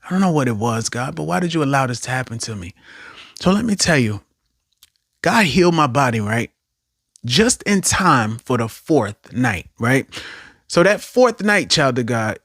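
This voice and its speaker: A man preaching an online sermon, animated, repeating phrases for emphasis and often checking in with "right?". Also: a little high, no echo, clean studio sound.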